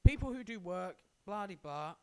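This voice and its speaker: A man's voice: high voice, animated, normal speed, warm tone, clear, resonant tone. A man co-hosting a casual podcast, laying out his opinions in long, lecturing explanations. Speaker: podcast co-host. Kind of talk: casual chat.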